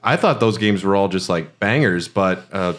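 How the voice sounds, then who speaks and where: Low-voiced guy rambling on a game podcast, lots of uhs. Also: lively intonation, normal speed, a bit bright. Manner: rambling, many fillers and restarts. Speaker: podcast co-host. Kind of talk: casual chat.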